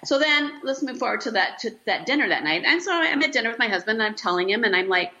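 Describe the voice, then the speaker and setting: Bright-voiced older woman telling a story. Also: quick pace, lo-fi sound. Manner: animated, acts out her own lines in a higher voice. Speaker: podcast co-host. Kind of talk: casual chat, storytelling.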